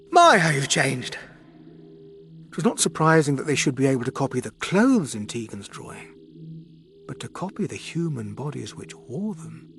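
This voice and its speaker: Animated male audiobook narrator. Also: fairly high pitch. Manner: measured, expressive reading.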